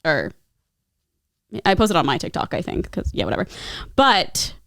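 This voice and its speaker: A woman's voice: fairly low pitch, wildly swooping pitch, normal speed, creaky, fairly bright tone, no echo, clean studio sound. A woman co-hosting a podcast, chatting casually with lots of laughter and filler words. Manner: chatty, giggly, lots of likes. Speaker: podcast co-host. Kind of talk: casual chat.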